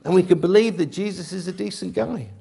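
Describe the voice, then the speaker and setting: A man preaching an Easter sermon, emphatic and swinging between loud and hushed delivery. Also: high voice, a little fast, creaky, husky. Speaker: pastor.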